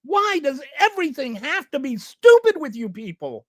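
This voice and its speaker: A fed-up channel host delivers sarcastic political commentary in a ranting style. The pitch swings widely, rising sharply in moments of exasperation. The recording is dry and close, with no room echo. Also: big pitch swings, normal speed, fairly bright tone.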